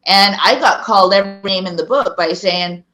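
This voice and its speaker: Soft music plays behind a woman with a mid-range, bright, forceful voice, co-hosting a podcast in an echoey, dull-sounding room. Her casual chat is outspoken and argumentative, coming out in quick runs.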